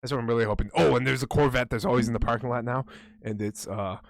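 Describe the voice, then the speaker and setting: A man's voice: medium pitch, quick pace, gravelly. A man co-hosting a podcast in casual chat, ranting heatedly and swearing a lot. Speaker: podcast co-host.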